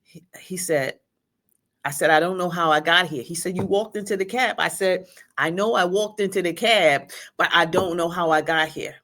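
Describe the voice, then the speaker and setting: A middle-aged woman, a guest, telling an emotional personal story in a halting way, with restarts and quoted speech. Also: lowish voice, a bit bright.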